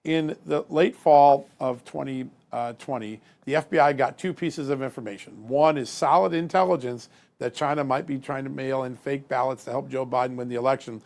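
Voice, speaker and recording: A man's voice: mid-range voice, moderate pace, gravelly, darkish tone. A man giving emphatic political commentary as a guest, building his points with rising force.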